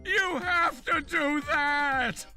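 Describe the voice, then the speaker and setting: A man's voice: very high voice, drawn-out words, bright, forceful tone, soft background music, voice pushed up, exaggerated voice. A man doing a frantic, pushy office schemer.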